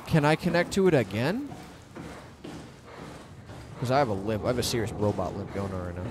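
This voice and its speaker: A man's voice: animated, fairly quick, noisy background. Sarcastic man taunting a game monster. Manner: sarcastic, taunting, swears often; loudly mocks the monster in a high, shouting voice. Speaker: gaming commentator. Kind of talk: let's play commentary. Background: game music.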